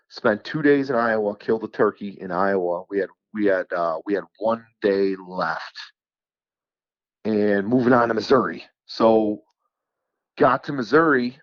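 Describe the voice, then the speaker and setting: A man from New York with a lowish voice tells a story with animated energy, full of fillers like "you know" and repeated words. The sound is dull and lo-fi, with a very dry, close feel. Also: no echo. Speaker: podcast guest, turkey caller. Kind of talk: casual anecdote telling.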